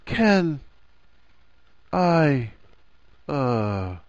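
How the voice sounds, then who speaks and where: Male reader doing a stammering, earnest young wizard, voice pitched up, dry and dull recording. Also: big pitch swings, brisk, darkish tone, breathy edge, no room sound, full character voice. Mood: flustered. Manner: stammering, eager.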